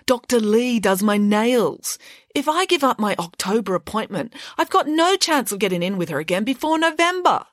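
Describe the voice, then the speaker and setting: Une femme jouant une adolescente gâtée et geignarde. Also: female voice, big pitch swings, no room sound, studio quality. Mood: petulant. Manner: high, petulant and drawn-out. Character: spoiled whiny teenage schoolgirl.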